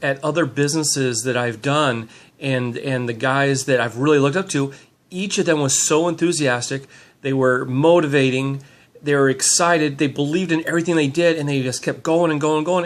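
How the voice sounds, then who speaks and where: A man's voice: on the high side, fairly bright tone. Upbeat middle-aged man rambling on camera. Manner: upbeat, rambling, lots of fillers. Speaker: team leader giving motivational talk. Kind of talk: handheld motivational vlog. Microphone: handheld camera mic.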